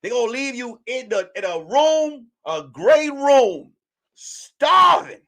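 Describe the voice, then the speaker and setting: Animated high-voiced man riffing on stream. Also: slow. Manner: animated, joking, acts out quotes in mock voices. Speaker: livestream host. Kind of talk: casual commentary monologue.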